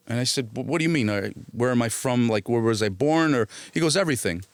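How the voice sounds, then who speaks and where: A man's voice: mid-range voice, fast talker, few pauses, no echo. A middle-aged man born in Italy and raised in New Jersey, telling a story in a casual interview, acting out the other voices and swearing freely. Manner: animated, acts out quoted voices, swears freely. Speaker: actor guest.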